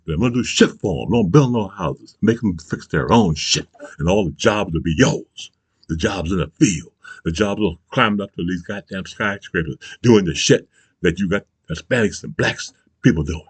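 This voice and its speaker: Man ranting to camera, profane and angry, low husky voice, swings wildly in pitch, dry close sound. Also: no room sound. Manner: profane, angry, repeating "you understand?"; bursts of shouting. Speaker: channel host. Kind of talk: political rant to camera.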